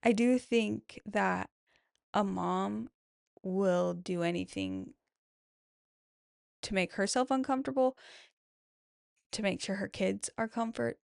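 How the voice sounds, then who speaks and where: Creaky-voiced mom chatting on her own. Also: medium pitch, big pitch swings, slow pace, long pauses, no echo, clean studio sound. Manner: warm-hearted, affirming, chatty with frequent "I love that". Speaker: mom podcaster reading follower replies. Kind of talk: casual solo chat.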